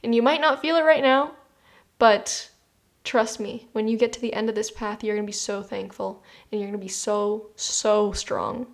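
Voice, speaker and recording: A woman's voice: medium pitch, steady tone, moderate pace, creaky. A woman giving a tarot reading. She speaks directly to the listener in an earnest, reassuring, conversational way and often says "you know.". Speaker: tarot reader. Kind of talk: spoken tarot reading to the viewer.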